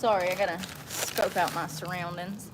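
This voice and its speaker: A woman's voice: fairly low pitch, level tone, normal speed. A woman vlogger talking to herself as she walks outdoors, chatting in a blunt, slangy way into a handheld phone on a windy street. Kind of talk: casual self-talk vlog. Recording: wind and traffic noise outdoors.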